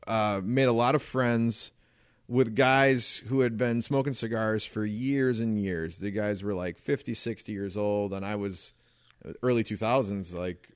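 Lowish-voiced man telling a rambling story. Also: measured pace, clear, resonant tone, dry recording, studio quality. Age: 30s. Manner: rambling storyteller, frequent swearing. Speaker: podcast co-host. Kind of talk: casual podcast chat.

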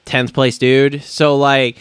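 A man's voice: medium pitch, level tone, slow, clean tone, no echo. A man hosting a motocross podcast, ranting heatedly with lots of swearing and mocking asides. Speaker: podcast host. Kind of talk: profane rant on a motocross podcast.

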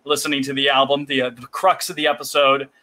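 A man co-hosting a podcast, chatting casually and teasing his friend with quick jokes. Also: mid-range voice, level tone, bright, forceful tone. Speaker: podcast co-host. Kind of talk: casual chat.

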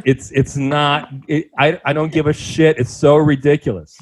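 A man's voice: a little high, level tone, moderate pace, poor audio. A young man from the South Bronx, co-hosting a podcast in a sarcastic, ranting chat. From South Bronx, New York. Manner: ranting, sarcastic, mocks slang in put-on voices. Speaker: podcast co-host. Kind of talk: casual comedic chat.

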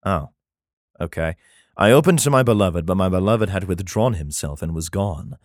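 Deep-voiced guy reading old scripture and swearing at it, dry close sound, laughs a lot. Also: expressive, normal speed, no room sound. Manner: profane, mocking, laughs at the text. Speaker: reader giving comic commentary. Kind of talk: crude comedic reading with asides.

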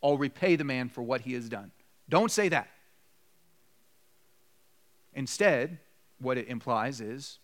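A male pastor delivers a sermon from his church. His voice sits a bit higher than most men's, and he speaks in an earnest, direct way. He slips into short spoken lines to show how people talk to each other. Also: a bit bright. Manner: earnest, acts out quoted apologies in dialogue. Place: church sanctuary.

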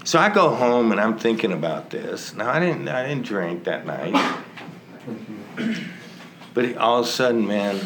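Slow-talking man telling his recovery story. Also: fairly low pitch, sing-song, fairly bright tone, a little hiss or hum. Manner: slow, conversational, self-mocking with laughs. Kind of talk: storytelling testimony.

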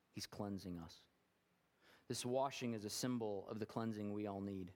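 A man's voice: lowish voice, big-room sound. A man preaching a sermon as pastor, talking earnestly and rising to fervent emphasis.

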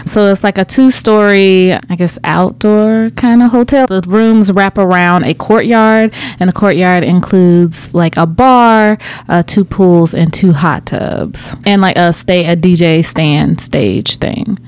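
Female podcast co-host, relaxed and conversational. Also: on the low side, measured pace, few pauses, clear, resonant tone. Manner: relaxed, brief agreeing replies. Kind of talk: casual chat.

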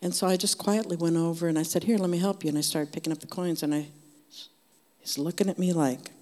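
A woman's voice: low-pitched, steady tone, fairly quick, darkish tone. An older woman sharing a personal faith testimony in a church group, telling her story in an earnest, conversational way. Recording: long hall reverb.

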